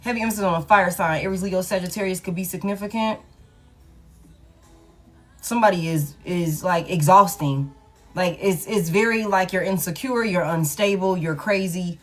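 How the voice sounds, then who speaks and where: A woman's voice: lowish voice, moderate pace, soft background music. A woman doing a casual tarot reading. She talks bluntly, swears freely and repeats her lines. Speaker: tarot reader.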